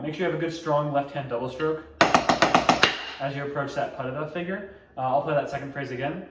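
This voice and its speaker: A young drumline instructor gives a relaxed, casual tutorial, teaching parts step by step and scatting the rhythms as he explains. His voice is a little high and brisk. The room is echoey, the mic is at a distance, and loud music and noise sit behind him.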